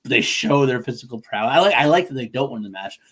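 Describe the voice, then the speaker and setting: A man's voice: mid-range voice, expressive, a crowd in the background. A man co-hosting a casual movie podcast, talking enthusiastically with swearing and frequent laughs. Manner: enthusiastic, profane, quick to laugh. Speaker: podcast co-host.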